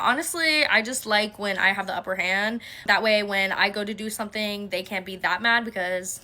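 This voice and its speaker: A woman telling a personal story in a casual vlog, animated and full of swearing. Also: medium pitch, quick pace, few pauses. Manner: animated, profane, gossipy.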